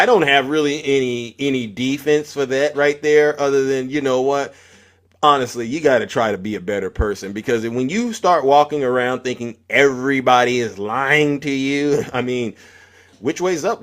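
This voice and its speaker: A man hosting a casual live stream, talking in an animated, mocking way and exclaiming at his guests. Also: medium pitch.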